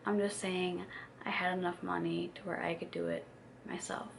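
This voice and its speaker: A young woman in her twenties talks straight to the camera in a loose, confessional vlog chat, candid and full of fillers. Her voice has a gravelly, fry-tinged edge. A faint hiss of background noise runs under the recording. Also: fairly low pitch, flat delivery, normal speed. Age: 20s. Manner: candid, chatty, many fillers. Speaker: vlogger.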